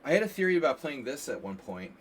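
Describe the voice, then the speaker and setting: A man casually commenting on chess games during a live stream, rambling and animated with lots of filler words. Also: medium pitch, quick pace. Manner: rambling and animated, frequent "like" and "you know". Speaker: chess coach streaming a lesson. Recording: distant mic with faint background hiss.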